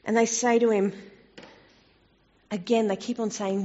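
A woman preaches a sermon in a slightly high voice. She talks in a conversational way and grows expressive when she reads out scripture. The recording is dull and lo-fi. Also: normal speed.

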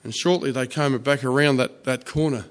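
A man preaching a sermon, telling a story softly with fillers and restarts. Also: medium pitch. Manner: storytelling, soft and halting with fillers.

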